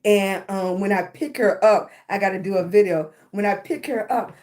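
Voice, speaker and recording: A woman's voice: mid-range voice, moderate pace, few pauses, darkish tone. A woman talking on a live stream about self-love, congested in the chest, often asking "right?". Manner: repetitive, keeps asking "right?". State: chest congestion, clearing her throat. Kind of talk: motivational live-stream talk.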